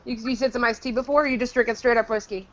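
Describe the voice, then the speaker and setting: A woman's voice: fairly high pitch, fairly even intonation, rapid-fire, dull audio. A woman co-hosting a casual podcast chat, teasing and crude, laughing often. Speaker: podcast co-host.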